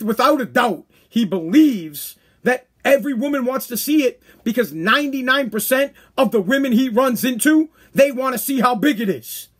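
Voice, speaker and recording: On his own podcast, a high-pitched man with a husky, rough edge delivers ranting commentary. He is blunt and crude, rambling in a loose stream of talk and slipping into quick mock voices to drive his points home.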